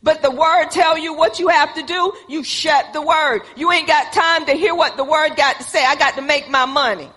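A woman's voice: sits high, steady tone, moderate pace, hardly any pauses, bright, forceful tone. A woman preaching a sermon, emphatic and repetitive, calling out to her congregation. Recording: reverberant hall.

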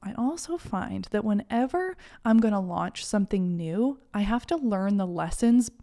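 Earnest woman podcaster with mellow voice. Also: medium pitch, lively intonation, moderate pace. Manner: earnest, encouraging, self-help tone. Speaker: podcast host and confidence mentor. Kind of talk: reflective solo podcast talk.

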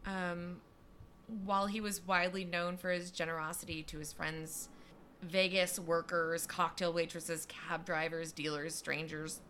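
A woman's voice: on the low side, level tone, sharp tone, a little hiss or hum. A young woman co-hosting a podcast, telling a story in a casual chat with lots of fillers. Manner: chatty, lots of fillers and quick asides.

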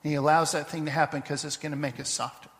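High-voiced pastor preaching in a reverberant church. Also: male voice, little pitch movement, quick pace, fairly bright tone. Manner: conversational preaching, storytelling with restarts. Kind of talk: sermon. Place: church sanctuary.

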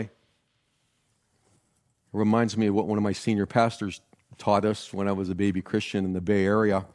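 An older man, a pastor, preaching a sermon with jokes, jumping up in pitch to stress words. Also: normal speed, long pauses. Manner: animated, jokey, leaps in pitch for emphasis.

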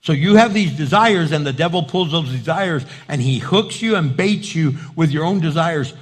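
High-voiced emphatic preacher man. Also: animated, normal speed, few pauses. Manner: emphatic, repetitive preaching with rhetorical questions. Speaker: pastor. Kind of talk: sermon.

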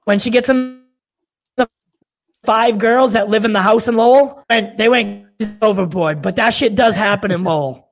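A man talking casually in halting phrases full of fillers. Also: high-pitched. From Boston area, Massachusetts. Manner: halting, hesitant, many fillers. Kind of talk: casual chat.

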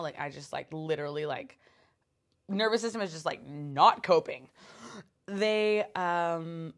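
A young woman hosting a podcast, telling a personal story in a rambling, animated way, full of filler words and swearing. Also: on the low side. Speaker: podcast host. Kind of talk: casual storytelling.

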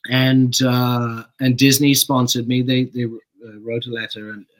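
Speaking in a mid-range voice at a measured pace, this middle-aged man from England is a guest actor in a laid-back interview. He tells stories easily, dropping casual swear words, on a low-quality recording.

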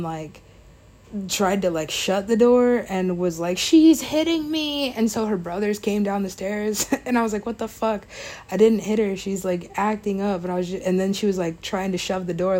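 A woman's voice: lowish voice, darkish tone. A young woman casually telling a personal story, rambling with lots of fillers, laughing and swearing along the way.

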